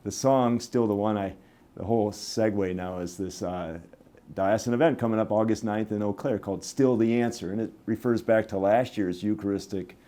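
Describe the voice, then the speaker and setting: A man's voice: fairly low pitch, moderate pace, mellow. A man, a bishop, giving a casual spoken reflection, chatty and anecdotal, who acts out voices when he tells a joke.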